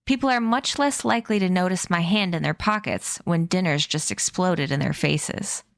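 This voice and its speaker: A woman's voice: lowish voice, normal speed, gravelly, dry recording, studio quality. A woman voicing a mischievous, proper invisible boy in a read-aloud story, with a pleased-with-himself delivery. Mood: smug.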